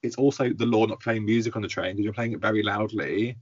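A man's voice: lowish voice, fairly even intonation, slightly rough, dry recording. A young man, chatting on a podcast, jumping in and hurrying the story along. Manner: rushed, jumps in, hurries the story along. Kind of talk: casual storytelling chat. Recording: slightly muffled, dry sound.

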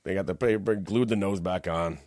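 A man's voice: low-pitched, moderate pace, a little mellow, no room sound, clean studio sound. A man in casual chat, telling a rambling, profane story and acting out what people said. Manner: rambling, profane, acts out quotes.

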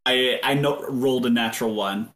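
A man narrating a tabletop game as game master in a relaxed storytelling way with fillers. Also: medium pitch, moderate pace, echoey room.

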